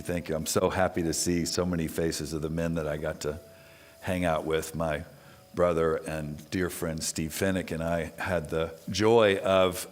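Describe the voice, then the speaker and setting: Chatty Texan man giving a sermon. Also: low-pitched. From Texas. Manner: chatty, animated, asks the audience questions. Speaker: guest speaker at a spiritual center. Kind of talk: conversational sermon. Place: spiritual center hall.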